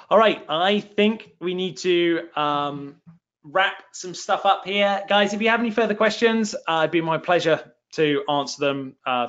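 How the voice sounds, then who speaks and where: A man's voice: on the high side, fairly bright tone, highs cut off. A man with a southern English accent hosting a live webinar for his online course, chatty and self-deprecating, with lots of fillers. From England.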